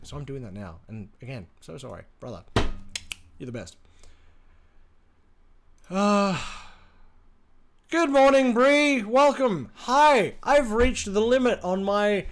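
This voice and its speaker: A man, chatting casually with his live-stream audience, swearing freely and greeting viewers by name, tired from little sleep. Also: a little high. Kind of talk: casual gaming stream chat. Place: home room with a large bookshelf.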